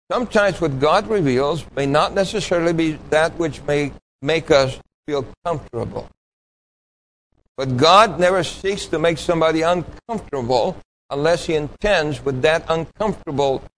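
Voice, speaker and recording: Guy preaching, slightly high voice, keeps quizzing the crowd then answering himself. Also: normal speed, slight background noise, rough recording. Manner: asks the audience questions and answers them; emphatic, pointed delivery. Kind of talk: sermon with call-and-response.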